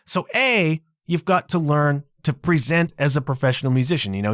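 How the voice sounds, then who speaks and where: Lively, emphatic male podcast host. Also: on the high side, no echo, clean studio sound. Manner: emphatic, conversational, keeps checking in with the listener. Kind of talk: solo podcast monologue.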